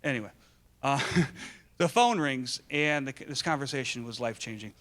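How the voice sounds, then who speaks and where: A man in his thirties from Michigan, a guest speaker telling stories to a live audience in an animated, joking way. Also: mid-range voice, moderate pace. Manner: animated and joking, acting out dialogue. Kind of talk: storytelling talk to a live audience.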